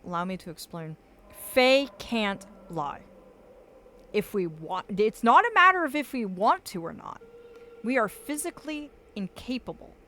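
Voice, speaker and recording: A woman's voice: a little high, bright, forceful tone. A woman streaming a game live, chatting playfully and reading game lines aloud as she plays. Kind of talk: live gameplay commentary. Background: game music.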